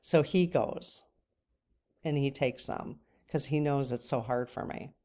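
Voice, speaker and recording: A woman's voice: extremely low pitch, unhurried, dark tone. A middle-aged woman talking casually to camera in a personal vlog, often emotional and close to tears. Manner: tearful, breaks off to cry. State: crying at times. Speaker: channel host.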